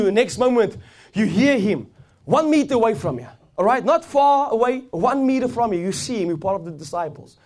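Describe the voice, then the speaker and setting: A man with a high voice and darkish tone preaches a sermon fervently. He repeats phrases and lets his delivery rise and swell in intensity as he goes.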